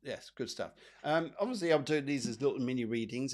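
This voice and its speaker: A man hosts a live psychic reading stream, talking through cards for his viewers. He rambles, repeats his phrases and fills the gaps with ums and ahs. His voice sits in an ordinary middle pitch. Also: expressive, fast, few pauses, a little mellow. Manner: chatty, rambling, repeats phrases, frequent fillers. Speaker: psychic medium host.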